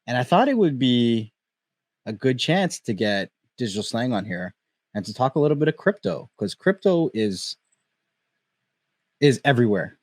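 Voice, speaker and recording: A man's voice: mid-range voice, big pitch swings, normal speed, long pauses, no room sound. Slangy male podcast host, dry sound. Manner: hype, slangy. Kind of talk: casual chat.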